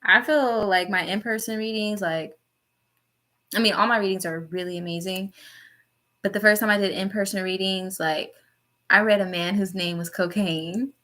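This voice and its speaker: A woman's voice: steady tone, normal speed, a bit bright. A young woman doing a casual, profane tarot reading live stream, laughing often and talking to her chat. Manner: jumps between topics with sudden high-pitched bursts.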